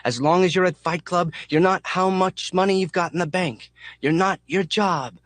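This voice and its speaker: A man voicing a reckless, fanatical young male mechanic who yells slogans into the wind. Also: on the low side, moderate pace, no room sound, close to an everyday voice. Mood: yelling fervently.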